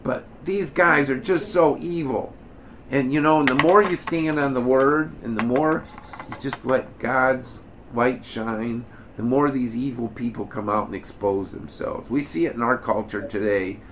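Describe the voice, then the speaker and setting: A man's voice: medium pitch, measured pace, fairly bright tone, slight background noise. A man leading an informal Bible study, talking bluntly and folksy, mockingly acting out the Pharisees.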